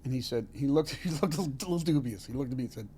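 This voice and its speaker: A man, an actor being interviewed, telling a heartfelt story in an earnest, halting way with many restarts. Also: mid-range voice, expressive, mellow, a little hiss or hum. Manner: halting, frequent restarts and self-corrections. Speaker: actor, podcast guest.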